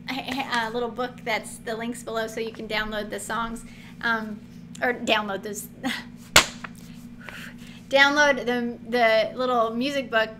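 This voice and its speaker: Brief: woman Bible teacher with a high voice, lively and chatty, noisy recording. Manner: chatty, animated, laughs often, acts out quotes. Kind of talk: casual Bible teaching to camera. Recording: noticeable background noise.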